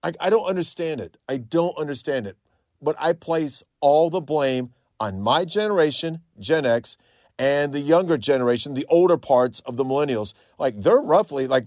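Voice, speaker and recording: A man's voice: on the high side, a little mellow, no room sound. Male radio host, middle-aged, from North Carolina; casual opinionated commentary, dry close studio mic. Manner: conversational, repeats himself, opinionated. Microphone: studio microphone.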